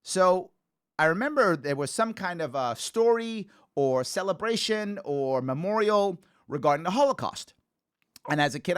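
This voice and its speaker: A man's voice: a little high, a bit bright. A man in his forties from the Bronx, hosting a call-in talk show and telling stories in a conversational, thinking-aloud way. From the Bronx, New York.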